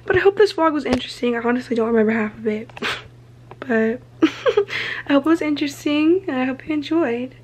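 Giggly high-voiced young woman vlogging. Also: expressive, brisk, a little hiss or hum, poor audio. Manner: loud, giggly and chatty, swearing a lot. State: hoarse after days of drinking. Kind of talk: casual vlog chat. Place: home.

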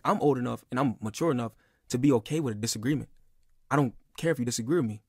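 A man's voice: mid-range voice, a little mellow, husky, dry recording, clean studio sound. A man in his twenties venting in a casual, emphatic, profane monologue that keeps circling back on itself. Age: 20s. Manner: emphatic, profane, repeats himself. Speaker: podcast guest.

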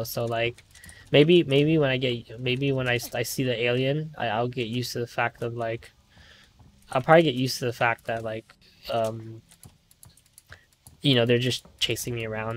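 A male streamer talks through a game as he plays it, in a voice of middle pitch. He rambles, jumps at the scares and swears a lot, nervous the whole time. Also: steady tone, normal speed, slight background noise. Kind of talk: live gameplay commentary.

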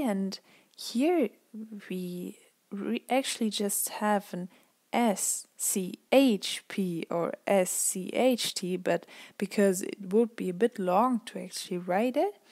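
A woman teaching pronunciation, saying example words slowly and carefully and repeating them for the learner. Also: mid-range voice, darkish tone, dry recording. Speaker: language teacher. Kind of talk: pronunciation lesson.

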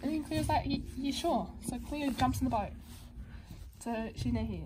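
A woman's voice: sits high, normal speed, background noise. A woman casually retelling a story while she draws, giggling and rambling with many restarts. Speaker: vlogger narrating a drawing.

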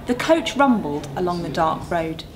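A woman on a school staff reading a ghost story aloud in a measured, suspenseful way. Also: on the low side, expressive. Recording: noisy recording.

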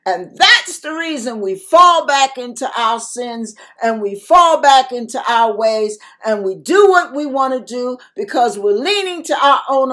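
A woman's voice: sits high, fairly bright tone. An older woman giving a spoken devotional sermon to her viewers, emphatic and repetitive as she exhorts them. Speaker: christian video preacher.

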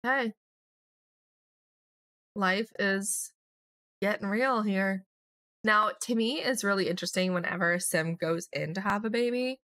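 A young woman narrates her life-sim game in a relaxed, chatty way, breaking off now and then to voice her characters in quick asides. Her voice sits at an everyday middle pitch. The sound is dry and close, with no room around it. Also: no echo. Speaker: gaming channel host. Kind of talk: casual let's play commentary.

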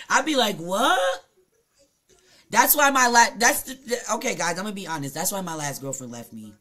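A woman live streamer telling a blunt, profane story to her chat at home, her voice swinging between hushed and loud. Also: mid-range voice, animated, moderate pace. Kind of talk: casual confessional storytelling to chat.

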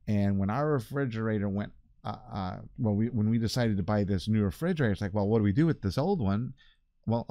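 A man's voice: lowish voice, warm tone, no room sound, clean studio sound. An older man, a pastor, talking casually from his church office in a rambling, chatty way. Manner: rambling, chatty, self-correcting. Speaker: pastor hosting a weekly video segment. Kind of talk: casual chat.

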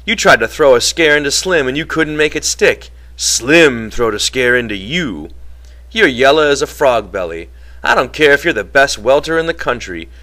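A man doing a gruff mocking ranch hand. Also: medium pitch, animated, moderate pace, sharp tone, voice pushed up. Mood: taunting. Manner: taunting, blunt.

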